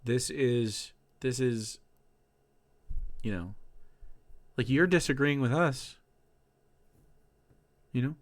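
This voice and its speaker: A man's voice: mid-range voice, takes it slowly, long pauses. A young man commenting sarcastically on clips during a casual stream, mocking what he hears.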